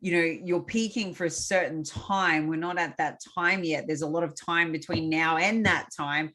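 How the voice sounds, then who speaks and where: A woman co-hosting a casual fitness podcast as a competition coach, agreeing often and making her points in steady rhetorical runs. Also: sits low. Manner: steady, agreeable, lots of quick yeahs and a rhetorical list.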